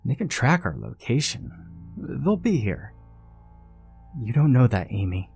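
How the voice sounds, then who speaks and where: A man reading a first-person horror story in a steady, measured way. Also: low-pitched. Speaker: narrator. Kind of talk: scripted horror story narration.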